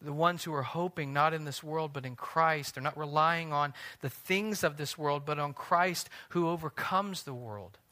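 A man in his thirties delivers a sermon with a bright, forceful voice set a little high. He preaches earnestly, pressing hard on key phrases and then easing into quiet, intimate stretches. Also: normal speed, hardly any pauses. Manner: earnest preaching, building to emphatic peaks then dropping soft. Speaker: pastor.

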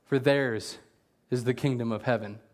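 A man preaching in a loose, conversational way, trading jokes for slow, careful scripture readings. His voice sits at an ordinary middle pitch and jumps into loud, animated bursts when he gets going. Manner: reads scripture aloud slowly. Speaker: pastor. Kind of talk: casual conversational sermon.

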